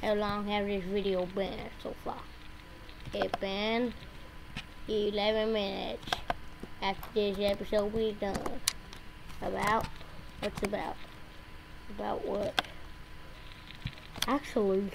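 Woman gamer just rambling slow, yelps when she dies, lotsa noise behind her. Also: mid-range voice, flat delivery, creaky. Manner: rambling, yelps and shouts at game deaths. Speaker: gameplay video host. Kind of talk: casual gameplay commentary. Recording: loud background noise.

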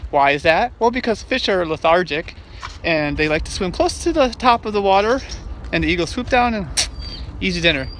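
A man's voice: sits high, expressive, moderate pace, fairly bright tone, a little hiss or hum. A middle-aged man vlogging on a hike, joking and teasing himself in a playful, casual way. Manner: joking, self-mocking, playful. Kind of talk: casual vlog chat. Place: outdoors at a state park.

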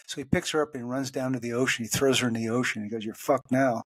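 A man co-hosting a podcast, telling a long joke in casual chat and raising his pitch for the quoted lines. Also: fairly even intonation, very fast, fairly bright tone, breathy edge, no echo. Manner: tells jokes at an easy pace, pitching up for quoted lines. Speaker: podcast co-host.

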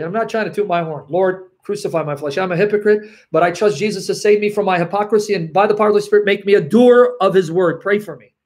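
A man preaching to an online audience, acting out selfish voices that defy God and repeating phrases for emphasis. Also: high voice. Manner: acts out selfish voices talking back to God, then tells a personal story. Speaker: Christian preacher.

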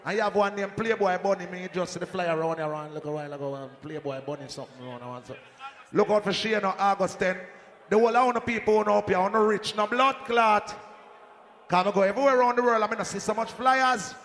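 A man with a Jamaican accent hyping a live dance as sound system selector, shouting and joking with the crowd over a handheld mic. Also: high voice, fast. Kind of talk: live hype talk at a dance. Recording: echoey hall, faint crowd noise.

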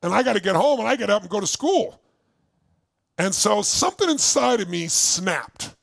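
A gravelly older man tells his story to a crowd with the force of a motivational speaker, his voice sitting a little high for a man. He swings between loud, driving bursts and quiet, close asides, and the sound is dry and close to the mic. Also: big pitch swings, normal speed, dry recording. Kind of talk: motivational stage talk.

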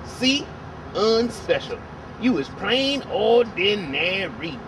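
A woman's voice: mid-range voice, sing-song, slow pace, recorded from a distance, noisy background, pitched below the performer's own voice. A woman voicing a brash, foul-mouthed male puppet who insults and mocks in a crude, cackling way. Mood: sneering.

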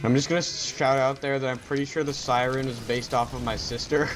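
A man's voice: mid-range voice, fairly even intonation, a little hiss or hum, rough recording. Jokey man chatting through a co-op game. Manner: chatty, jokey, quick exclamations. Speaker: gamer. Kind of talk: casual co-op gameplay commentary.

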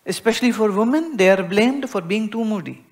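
A spiritual teacher with an Indian accent gives a discourse to an audience, speaking expressively and swinging from a soft hush to strong emphasis as she explains. She often acts out small everyday exchanges, in a medium-pitched voice at a fairly quick pace.

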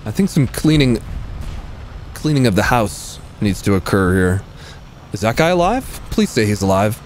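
A man giving live gameplay commentary as a streamer, excitable, swearing freely and mocking himself. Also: fairly low pitch, normal speed, slight background noise. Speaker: gaming streamer.

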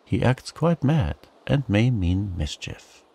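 A man's voice: fairly low pitch, very animated, slow, vocal fry, mellow, slightly rough, pitched above the performer's own voice, heavily acted. A man voicing a chorus of timid little fairies in a bedtime storybook, anxious and pleading.

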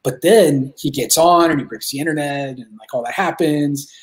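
A man talking as a guest filmmaker in a casual interview, excited and rambling, swearing freely as he tells stories. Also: fairly high pitch, moderate pace.

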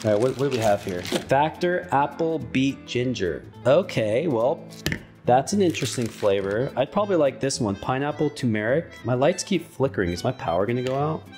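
A man's voice: mid-range voice, animated, moderate pace, darkish tone, faint music behind. A man casually chatting through a cooking vlog in his home kitchen, rambling in a goofy, offhand way. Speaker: cooking vlogger.

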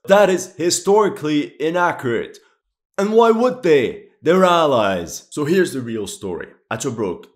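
A man and amateur historian giving lively reaction commentary on a war game, often exclaiming, laughing and sounding incredulous. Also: medium pitch.

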